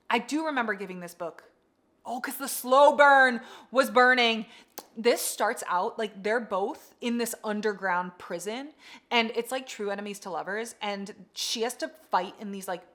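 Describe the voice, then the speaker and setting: A young woman with a bright, crisp voice gushes over her favorite books in a casual vlog chat. She talks excitably and swears freely as she goes, her voice sitting at an ordinary middle pitch. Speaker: book vlogger. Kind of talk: casual book review chat.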